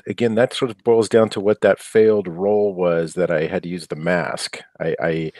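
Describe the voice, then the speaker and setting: A man's voice: deep voice, flat delivery, moderate pace, darkish tone, no echo, clean studio sound. A man playing a tabletop game, hedging as he argues for his character. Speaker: player.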